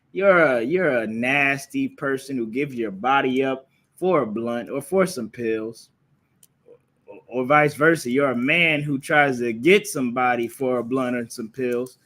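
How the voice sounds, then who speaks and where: A man's voice: medium pitch, fairly bright tone. Man preaching a scolding live class. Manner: rhetorical questions, repeats phrases for emphasis. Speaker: religious class teacher. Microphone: streaming live from a phone or computer.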